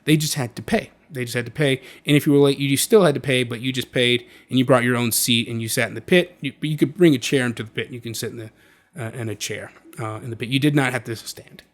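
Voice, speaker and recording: A man's voice: medium pitch, steady tone, fast talker. A man hosting a video, explaining in a casual, conversational way with frequent restarts. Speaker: video host.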